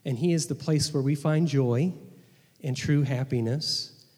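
A man's voice: mid-range voice, a little slow, a little mellow. Earnest male pastor in a reverberant hall. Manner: earnest, repeats words when restarting. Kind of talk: sermon.

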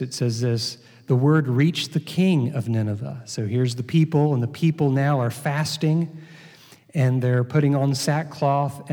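A man preaches an earnest sermon at an unhurried, deliberate pace, often repeating his words as he teaches. His voice is mellow and dark. The recording carries a long hall reverb. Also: mid-range voice.

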